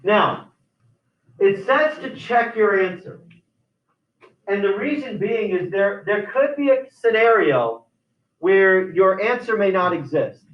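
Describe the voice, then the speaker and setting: A man's voice: high-pitched, expressive, slow pace. A man teaching a math class, explaining algebra steps one at a time with frequent restarts. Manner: explains step by step, with many restarts. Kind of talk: classroom lecture. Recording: roomy, distant, dull lo-fi sound.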